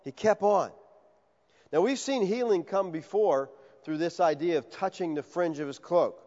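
A man preaching a verse-by-verse sermon as a pastor, talking in an animated way and acting out the voices of Bible figures. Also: high voice, normal speed. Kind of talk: expository sermon. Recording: dull sound with long reverb in a large hall.

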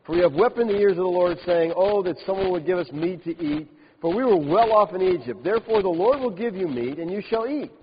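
A man with a fairly high voice preaches a sermon, reading scripture and then animatedly mocking the complainers he describes. The recording is dull and lo-fi, with a long hall reverb and a faint hiss behind him. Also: brisk, hardly any pauses. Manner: animated, mocking the complainers with laughs and exaggerated quotes. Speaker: pastor.

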